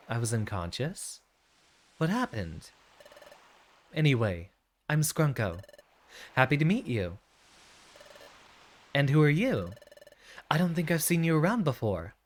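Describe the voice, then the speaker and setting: A man plays a cowardly but hopeful young creature, speaking nervously and hesitantly. His pitch jumps up and down a lot, from anxious murmurs to startled yelps in a storybook adventure. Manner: nervous, hesitant, self-doubting.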